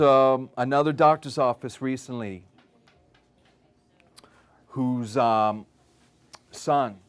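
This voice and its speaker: Man, wellness presenter, animated storytelling, frequent "okay?" check-ins, mid-range voice. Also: mid-range voice. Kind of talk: live talk with stories.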